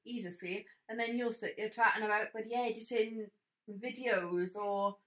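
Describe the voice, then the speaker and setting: A woman's voice: fairly high pitch, steady tone, normal speed. A young woman co-hosting a casual podcast from home, teasing and sounding exasperated as she talks. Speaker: podcast co-host. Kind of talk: casual chat. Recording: roomy home recording.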